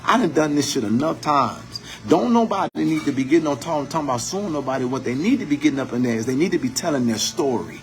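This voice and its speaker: A man's voice: a little high, lively intonation, quick pace, few pauses. A man giving an impassioned, profane commentary monologue, building his points with preacher-like repetition.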